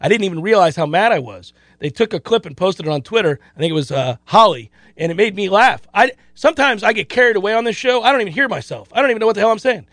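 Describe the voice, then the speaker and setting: A middle-aged man hosting a sports radio show, chatting casually and telling stories in an animated, self-deprecating way. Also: high voice, fast, few pauses, no room sound. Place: radio studio.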